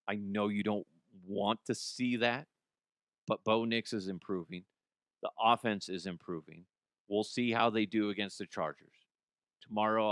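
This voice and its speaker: A man's voice: lowish voice, a bit bright, clean tone, no room sound, studio quality. A man hosting a solo sports podcast, ranting bluntly with swearing, often restarting and repeating words. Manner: blunt, opinionated, swears freely. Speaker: podcast host.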